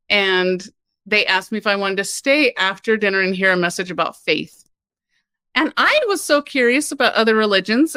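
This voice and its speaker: A woman from Kansas, a podcast guest, telling her personal story in a lively, candid way with laughs and frequent "like". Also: medium pitch, no echo. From Kansas, United States.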